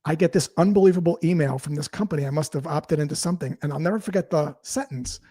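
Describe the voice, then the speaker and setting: Speaking fast, a man being interviewed illustrates sales principles with anecdotes and performed dialogue in an easygoing tone. He has a fairly high voice, captured in dry audio with little room echo.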